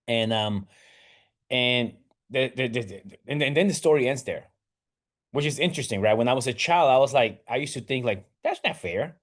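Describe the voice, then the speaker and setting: A man hosting a casual talk, retelling a parable in a rambling way with many restarts. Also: mid-range voice. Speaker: host.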